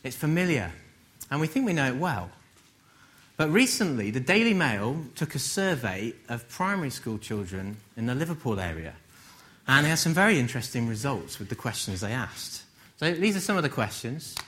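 Lively English man giving a sermon. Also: medium pitch, moderate pace. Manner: conversational, gently humorous, rhetorical questions. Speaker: preacher.

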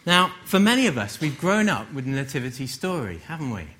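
Man from England, sermon, animated pitch, chatty and gently humorous. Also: a little fast. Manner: conversational, gently humorous, rhetorical questions. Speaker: preacher.

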